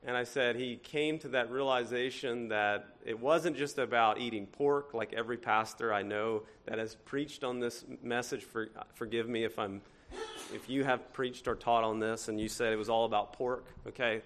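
A man with a Cajun accent mixed with a northern one, preaching a sermon in a church, talking to the congregation and asking rhetorical questions, at times loud and at times hushed. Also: medium pitch. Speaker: pastor.

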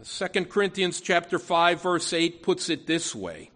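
Slow, earnest male preacher. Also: on the high side, sing-song, bright, forceful tone. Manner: earnest, emphatic, with frequent restarts and "you know". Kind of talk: sermon.

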